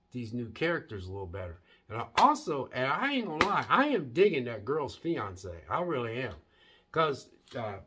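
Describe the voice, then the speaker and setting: A man's voice: mid-range voice, breathy edge. A man recapping a TV episode in a loose, rambling way, with many restarts and fillers. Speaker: TV episode reviewer. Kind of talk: casual recap vlog.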